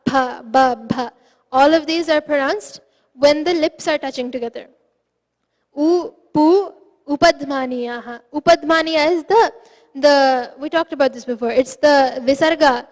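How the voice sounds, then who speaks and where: A high-voiced woman teaches Sanskrit pronunciation in an online lesson, patiently explaining and demonstrating sounds aloud. The room is reverberant, with a long reverb on the recording.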